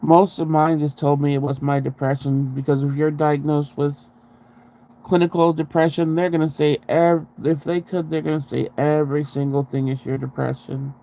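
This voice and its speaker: A man telling his own story in a casual interview, frank and halting, with blunt swearing. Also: fairly high pitch, level tone, creaky, dark tone, rough recording.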